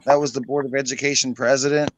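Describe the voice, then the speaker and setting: A man's voice: mid-range voice, little pitch movement, quick pace, a little hiss or hum. A man hosting a casual online hangout, telling a long, rambling story full of fillers and casual swearing. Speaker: host of an online hangout stream. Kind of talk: casual chat.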